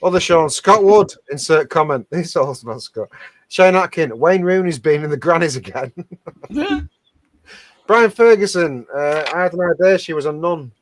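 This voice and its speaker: Male co-host, higher-leaning voice, dry close sound, chatty and giggly reading comments. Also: lively intonation, normal speed, no echo. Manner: chatty, laughs often, reads comments aloud. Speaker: co-host reading out viewer captions. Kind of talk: casual live-stream banter.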